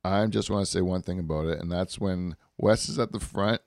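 Man, lowish voice, loose profane storyteller, close dry mic, laughs through his own bits. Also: brisk, creaky, a little mellow, no echo. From Canada. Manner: rambling, profane, laughs often. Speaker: podcast co-host. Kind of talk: casual chat.

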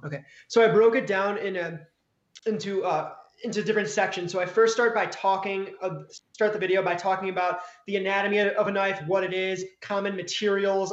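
Chill guy talking knives casually, kinda high voice, echoey dull sound. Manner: laid-back, says "dude" and "man". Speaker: YouTube cooking creator, guest. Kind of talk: casual podcast chat.

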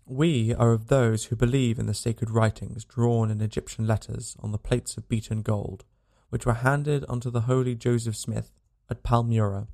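Storybook role: a man doing a solemn young believer, gravelly and formal, stern throughout. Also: medium pitch, steady tone, normal speed, hardly any pauses, warm tone, natural voice. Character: stern devout young male pilgrim.

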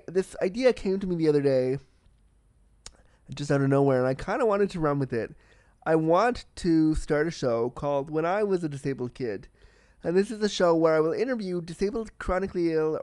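A man hosting a solo podcast in a casual, candid and excitable way, swearing freely and talking with a slight cold. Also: a little high, smooth, dry recording, clean studio sound. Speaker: podcast host.

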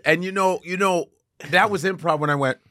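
A man chatting casually on a podcast, telling showbiz stories in an animated way and slipping into quick impressions of the people in them. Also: high voice, no room sound, studio quality. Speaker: actor and comedian guest.

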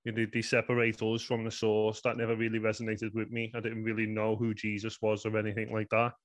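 His voice lowish and completely flat, a guest in his thirties speaks at a quick clip in a Liverpool accent. The Englishman earnestly rambles through a personal story, filling it with "you know."

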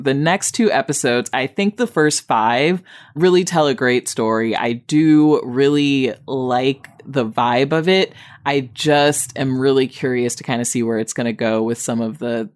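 A woman hosting a podcast, chatting casually about TV she watched, rambling with lots of fillers, wry and exasperated, jumping way up in pitch when she mocks people, and high on weed while she talks. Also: moderate pace. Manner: wry, exasperated, jumps high for mock quotes. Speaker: podcast host. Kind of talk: casual TV review chat.

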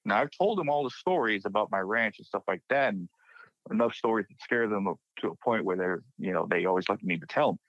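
Young guy from Texas, lower voice, casual ghost-story teller who acts out quotes; dry, dull lo-fi mic. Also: fairly quick, dry recording. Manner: animated retelling, acting out friends' panicked quotes. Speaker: guest sharing a personal paranormal story.

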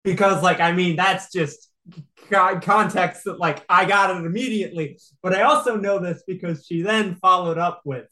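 A person telling a personal story in casual podcast chat, animated and laughing often. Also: mid-range voice, moderate pace, echoey room, rough recording.

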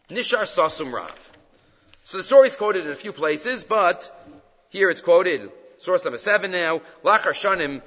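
A man leads a Torah class, telling stories with a lively, rising and falling delivery in a fairly high, bright voice. He drops Hebrew phrases freely into his English. The lo-fi recording sounds dull and carries a long hall reverb. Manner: animated storyteller, mixes Hebrew phrases into English. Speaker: rabbi teaching a class.

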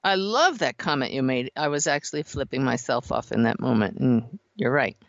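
A woman hosting a talk show, chatting lively and laughing easily. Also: extremely low pitch, moderate pace, vocal fry, dry recording. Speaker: host. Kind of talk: casual talk show chat. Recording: dull, muffled sound.

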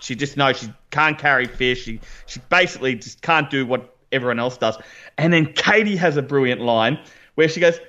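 A man co-hosting a podcast in casual chat, enthusiastic, quick, with frequent restarts. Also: medium pitch, sharp tone, muffled recording. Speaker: podcast co-host.

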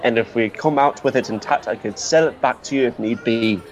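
A man's voice: mid-range voice, fairly quick, close to an everyday voice. A man playing a flowery, courteous adventurer. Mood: pleading. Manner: florid, courteous pleading. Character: flowery, overly polite adventurer.

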